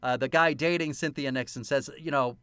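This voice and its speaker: A man co-hosting a podcast, excitedly retelling a film scene by scene with lots of laughter, in casual chat. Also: medium pitch, brisk, smooth, no echo, clean studio sound. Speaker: podcast co-host.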